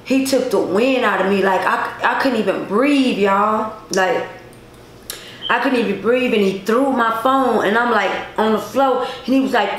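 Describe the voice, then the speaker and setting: A woman's voice: medium pitch, normal speed. A woman vlogger telling a personal story to her viewers in a casual, emphatic way, with many repetitions. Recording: echoey room, faint noise.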